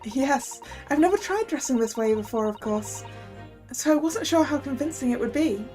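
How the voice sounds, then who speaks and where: A woman's voice: sits high, expressive, normal speed, a little mellow, soft background music. A woman voicing a loyal young female assistant in a video game, speaking in an earnest, polite and composed way.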